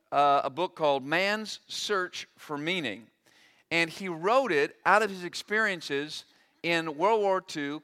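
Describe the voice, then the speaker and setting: A middle-aged male pastor preaching a sermon in an animated way, acting out the voices he quotes. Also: on the high side.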